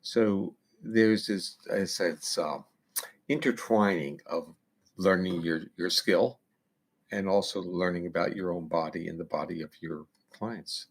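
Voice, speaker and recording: Low husky man, gravelly, explaining science. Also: unhurried. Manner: long, lecturing explanations with "you know" fillers. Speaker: neuroscientist guest. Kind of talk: explanatory interview talk.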